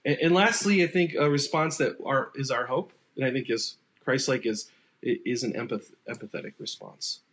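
A pastor giving a relaxed, conversational sermon, speaking unscripted and acting out sample replies in quoted voices. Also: male voice, medium pitch, moderate pace.

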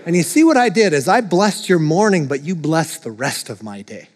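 A man's voice: a little high, big pitch swings, normal speed, in a large hall. A man preaching a sermon as a pastor, joking and chuckling often as he talks to his congregation in a church. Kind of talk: sermon with jokes. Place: church sanctuary.

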